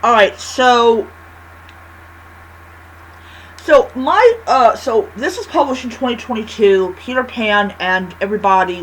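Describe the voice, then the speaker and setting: A woman's voice: mid-range voice, a little hiss or hum, low-quality recording. A woman giving a casual, rambling book review, chatty and full of restarts.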